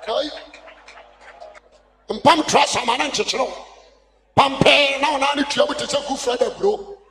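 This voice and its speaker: A man with a Ghanaian accent preaching a sermon as an evangelist, impassioned and shouting, calling for responses from the congregation. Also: very high voice, unhurried, soft background music. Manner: impassioned, shouting call-and-response preaching mixing two languages. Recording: long hall reverb.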